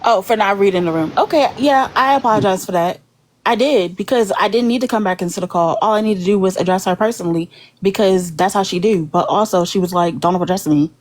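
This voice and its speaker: A woman's voice: mid-range voice, quick pace. A woman in a heated live-stream argument who sounds defensive and dismissive. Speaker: live-stream debate participant.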